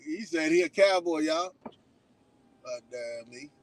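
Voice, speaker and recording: A man with a Texan accent chats loosely into his phone from his parked car. His voice sits a little high and sounds dry and close, with no room echo. He talks in slang and rambles from one topic to the next. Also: lively intonation, takes it slowly. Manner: loose, chatty, slangy, drifting between topics. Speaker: livestream host. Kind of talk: casual rambling livestream chat. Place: in a car at a donut shop drive-thru.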